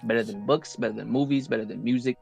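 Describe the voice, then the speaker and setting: Man, podcast co-host, gravelly, laid-back, rambling, faint music. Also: medium pitch, fast, a little mellow. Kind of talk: casual chat.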